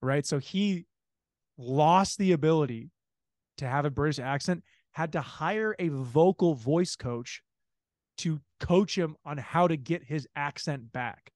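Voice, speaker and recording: A man's voice: a little high, a little slow, a little mellow, no echo, clean studio sound. A man co-hosting a podcast, chatting casually and animatedly about a movie, swearing and mimicking the people he talks about. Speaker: podcast co-host.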